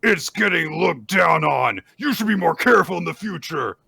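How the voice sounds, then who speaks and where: A man voicing a huge, bombastic young male sports brute who mocks others loudly. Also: very high voice, lively intonation, slow, gravelly, voice pushed up, exaggerated voice. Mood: angry. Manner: loud mocking shouted delivery.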